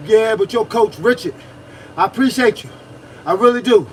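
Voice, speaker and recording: High-voiced boxing coach preaching to viewers. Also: male voice, normal speed, recorded from a distance, a little hiss or hum, low-quality recording. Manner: preachy, repetitive, talks to viewers, grunts while punching a bag. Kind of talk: livestream coaching talk.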